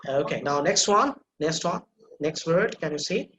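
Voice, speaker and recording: A man's voice: on the high side, lively intonation, normal speed, fairly bright tone, slight background noise. A man teaching a pronunciation class, breaking words into sounds syllable by syllable and repeating them for learners to copy. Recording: echoey room.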